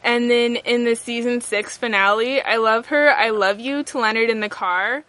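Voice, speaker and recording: A woman's voice: fairly high pitch, steady tone, normal speed, pushed and bright. A young woman co-hosting a podcast in casual chat, gushing over favorite moments with many "like"s and "um"s. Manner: gushing, filler-heavy recounting of favorite moments. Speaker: podcast co-host.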